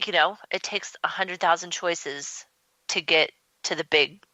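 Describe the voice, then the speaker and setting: Bright, effusive woman host with a low-ish voice, on a dull, dry radio line. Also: a little slow, no echo. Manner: effusive, chatty, many fillers. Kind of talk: casual talk radio chat. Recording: lo-fi dry studio sound.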